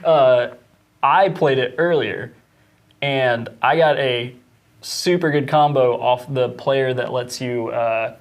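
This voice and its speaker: Guy with a gravelly voice, cracking dry jokes in a chill chat. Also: medium pitch, takes it slowly. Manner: joking, wry asides. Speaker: co-host of studio update show. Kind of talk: casual chat.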